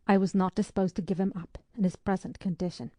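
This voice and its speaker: A woman's voice: mid-range voice, fairly even intonation, a little fast, dark tone, no room sound, close to an everyday voice. A woman voicing a grim, curt naval captain in an audiobook, speaking in clipped, serious tones. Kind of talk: audiobook character reading.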